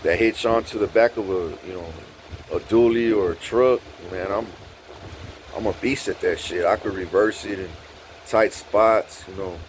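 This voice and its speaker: A man's voice: moderate pace, a little hiss or hum, poor audio. A man telling a story in a casual, profane way, often saying "dog" and "bro", his voice jumping up when he gets worked up. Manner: animated, profane, repeats "dog" and "bro", pitch jumps up when excited.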